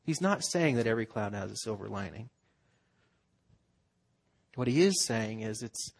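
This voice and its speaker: A man's voice: on the low side, lively intonation, normal speed, gravelly, long pauses. A man preaching a sermon in an earnest, conversational way, acting out quotes as he goes. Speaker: pastor.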